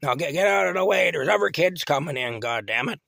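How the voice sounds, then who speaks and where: A man voicing a crotchety, nearly blind old woman who yells and curses brusquely at visiting children. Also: fairly high pitch, lively intonation, a little fast, gravelly, no room sound, clean studio sound, pitched above the performer's own voice, heavily acted. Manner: yelling, cursing, brusque.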